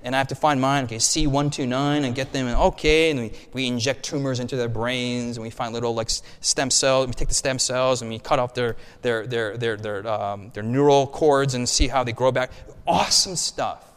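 A male pastor preaching a storytelling sermon, animated and conversational, with frequent restarts and asides. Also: mid-range voice, moderate pace, clear, resonant tone. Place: church hall. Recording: long hall reverb.

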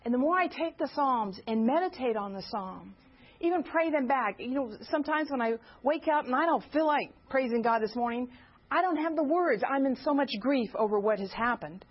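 A woman speaks to a church gathering in a high, light voice, earnest and personal. She often turns to the listeners with direct questions. The sound is a little dull and muffled, lacking top end. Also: animated, brisk, slightly rough. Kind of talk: informal teaching talk.

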